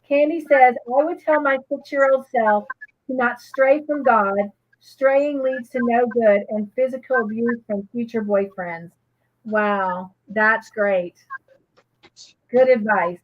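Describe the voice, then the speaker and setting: A woman's voice: a little high, fairly even intonation, slow, narrow, tinny audio. A woman co-hosting a live crochet show, chatting casually and reading viewers' comments aloud with gushing reactions.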